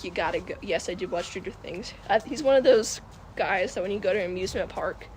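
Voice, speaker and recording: A woman of middle pitch hosting a casual livestream, giggling often and rambling from one thought to the next as she talks to her viewers. Wind and passing cars come through clearly on the noisy stream audio. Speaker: livestream host.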